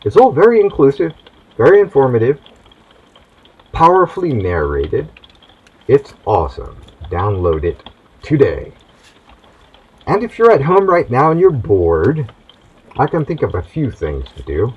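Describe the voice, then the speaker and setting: A man hosting a comic monologue in a hammy mad-doctor persona. He speaks slowly and swoops through a lively pitch range, and his voice is husky. The recording sounds dull and lo-fi. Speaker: host.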